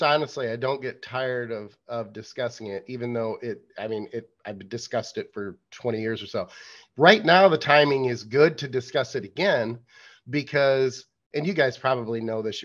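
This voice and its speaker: A man with a hoarse voice from being ill, a coach and podcast guest explaining at length in a casual interview. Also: medium pitch, fairly bright tone, highs cut off. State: hoarse from illness.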